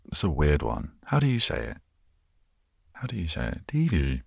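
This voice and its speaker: Very deep-voiced relaxed man. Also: normal speed, creaky, long pauses, slightly rough, dry recording, studio quality. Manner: meandering, easygoing, soft-spoken. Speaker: host. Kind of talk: relaxed rambling chat to help listeners unwind.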